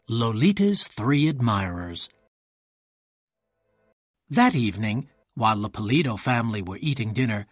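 A man reads a storybook aloud with a lively, rising and falling voice and a husky grain. His delivery is measured and clear, and the recording is dry and close. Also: mid-range voice, dry recording. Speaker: narrator. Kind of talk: storybook read-aloud narration.

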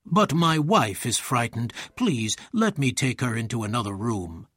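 A man's voice: medium pitch, animated, unhurried, fairly bright tone, no echo, studio quality. A man voicing a wary older nobleman who speaks in a courteous, careful way. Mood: polite.

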